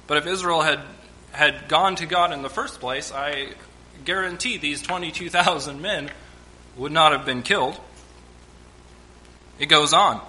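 A man's voice: a little high, measured pace, pauses often, pushed and bright, poor audio. A man teaching from the Bible, reading scripture aloud and stopping to comment in plain, conversational asides. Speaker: preacher.

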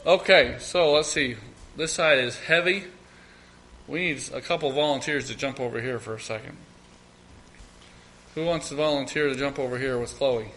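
A man's voice: medium pitch, moderate pace, long pauses, pushed and bright, a little hiss or hum. A middle-aged man leading an evening Bible study, earnest, repeating key phrases and acting out short prayers.

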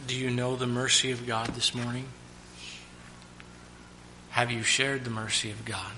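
A man preaches a sermon with a very bright, forceful tone and an everyday mid pitch. He sometimes bursts into loud, acted-out shouts. A faint hiss of noise sits under the voice. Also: level tone, a little slow.

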